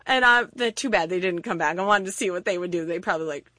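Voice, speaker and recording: A woman's voice: on the high side, fast talker, few pauses, no echo. A woman preaching a sermon, telling stories and acting out little voices as she goes. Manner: animated storytelling with acted-out voices.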